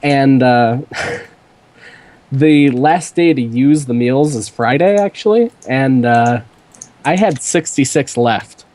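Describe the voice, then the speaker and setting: A man's voice: medium pitch, slow, darkish tone. Rambling young man on a podcast. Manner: rambling, loose storytelling with many fillers. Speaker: podcast host. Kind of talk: casual podcast chat.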